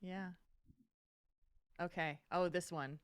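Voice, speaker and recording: A woman's voice: on the low side, steady tone, smooth, no room sound, studio quality. A woman co-hosting a casual chat show, talking frankly and laughing easily. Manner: frank, chatty, quick to laugh. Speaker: podcast co-host.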